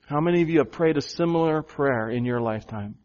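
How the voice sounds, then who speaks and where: A man's voice: on the high side, fast talker, a little mellow. A man preaching a sermon as pastor, asking the congregation rhetorical questions and repeating phrases for emphasis. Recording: dull, lo-fi sound.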